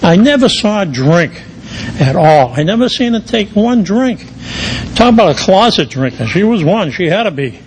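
A middle-aged man tells his recovery story in a loose, rambling way, stringing thoughts together with endless "you know"s. His voice sits slightly high for a man. A light background hiss runs under the recording. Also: big pitch swings, normal speed, poor audio. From Quincy, Massachusetts area. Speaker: recovery meeting speaker. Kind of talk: personal recovery testimony.

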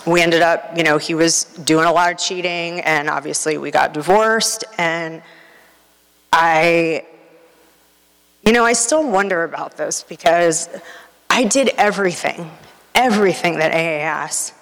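In a reverberant hall, a woman shares a rambling, candid testimony at a recovery meeting, peppered with fillers, sounding nervous and near tears. She speaks a little slowly in a fairly low, fairly bright voice.

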